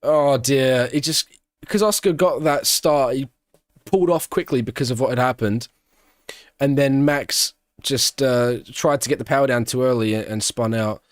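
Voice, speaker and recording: A man commenting live on a race for his stream, chatting loosely and answering viewers between moments of action. His voice sits at an ordinary middle pitch, and the recording is dry and close, with no room sound. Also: moderate pace, no echo. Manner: chatty, answers chat questions, breaks into excited shouting at big moments. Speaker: streamer hosting an F1 watch-along.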